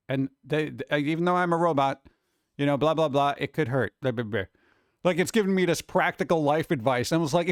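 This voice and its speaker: A man's voice: on the high side, fairly quick, no echo, clean studio sound. A man hosting a casual stream chat, rambling and mimicking gadget voices as he talks to his chat. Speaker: streamer host.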